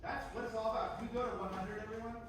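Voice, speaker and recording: Energetic man directing a band rehearsal. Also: high voice, racing, very noisy. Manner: energetic, counts off and sings rhythms. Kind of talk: ensemble rehearsal coaching. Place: large rehearsal room. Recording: very echoey room, far mic, band music.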